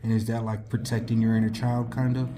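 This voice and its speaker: A man's voice: on the low side, level tone, fast talker, noisy background. A man hosting a casual interview, asking careful and hesitant follow-up questions. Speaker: podcast host.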